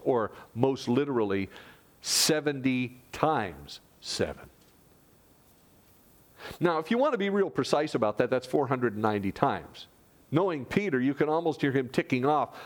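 A male pastor preaching a sermon in an earnest, conversational way, with dramatic drops to a hush. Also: mid-range voice, lively intonation, unhurried.

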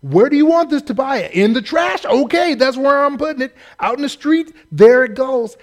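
Brief: preacher acting out a blunt, mock-cheerful leader, high and forceful, no patience left. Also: male voice, animated, normal speed. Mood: brisk mocking. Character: brisk no-nonsense male leader clearing a room.

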